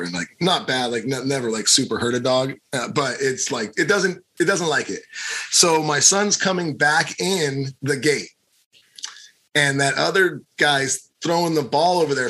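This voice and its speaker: A man co-hosting a podcast, telling a story in a casual, animated way, swearing freely and acting out the scenes. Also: medium pitch, husky. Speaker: podcast co-host.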